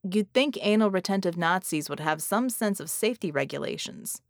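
A woman voicing a formerly deaf armored male hero who speaks in an odd flat, deadpan way, in an audiobook. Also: lowish voice, moderate pace, vocal fry, no room sound, clean studio sound. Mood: dry. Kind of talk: audiobook character voice.

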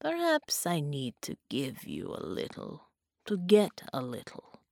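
A woman voicing a sadistic male sorcerer who sneers and mutters in low whispers. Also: huge pitch swings, a little slow, creaky, darkish tone, no room sound, clean studio sound, exaggerated voice. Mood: sneering.

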